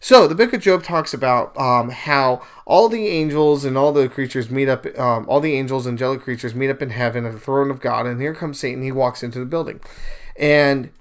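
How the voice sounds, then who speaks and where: An animated man hosts a podcast, retelling a scripture story and giving religious commentary in a casual way. His medium-pitched voice is clear and resonant, moving fairly quickly, and he's emphatic, acts out quoted speakers, and talks conversationally with fillers and asides.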